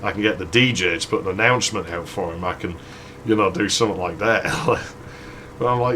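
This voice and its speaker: A man's voice: low voice, a little fast, bright, forceful tone, a little hiss or hum. A man hosting a gaming channel, telling a crude, rambling story with frequent laughs. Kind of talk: casual storytelling over gameplay.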